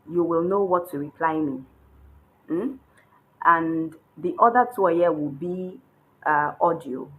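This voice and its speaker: A woman's voice: deep voice, slight background noise, low-quality recording. A woman teaching a beginners' Chinese lesson, explaining patiently while writing characters and often checking in with a questioning "hmm?". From Nigeria.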